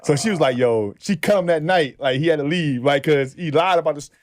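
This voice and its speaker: A middle-aged man from New City, telling animated stories in casual chat and acting out other people's lines with lots of laughter. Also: on the high side, a little fast, no room sound, studio quality. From New York City. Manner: animated storyteller acting out quotes, laughs often. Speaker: podcast guest.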